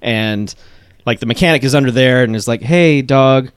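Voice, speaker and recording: A man's voice: mid-range voice, steady tone, brisk, clean tone, no echo, clean studio sound. A man co-hosting a casual chat who laughs often and acts out quotes while retelling a movie. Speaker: podcast co-host.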